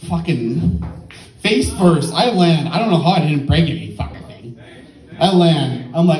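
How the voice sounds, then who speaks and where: Slightly drunk guy doing stand-up, swears a ton, highish voice, roomy echo from off mic. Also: lively intonation, unhurried, pauses often, darkish tone, recorded from a distance, soft background music. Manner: profane, rambling storytelling. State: tipsy. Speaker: stand-up comedian. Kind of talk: stand-up storytelling. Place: comedy club stage.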